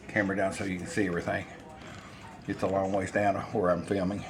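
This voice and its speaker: A man's voice: low-pitched, level tone, fast, noisy background. An older man, rambling folksy stories as he cooks in his home kitchen. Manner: rambling, folksy storytelling while cooking. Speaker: cooking channel host. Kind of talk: casual cooking vlog chat.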